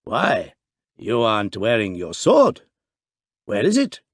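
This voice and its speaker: A man reading aloud, voicing a calm police chief who speaks in pleasant, level tones. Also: lowish voice, slow, no room sound, clean studio sound, full character voice. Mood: calm, probing.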